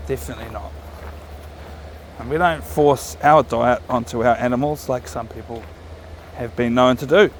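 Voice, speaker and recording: A man with a New Zealand accent walks his dog along an outdoor riverside trail, chatting casually to camera in a mid-range voice at a moderate pace. He rambles, often correcting himself mid-sentence, and a little hiss or hum sits under the audio of this walking vlog.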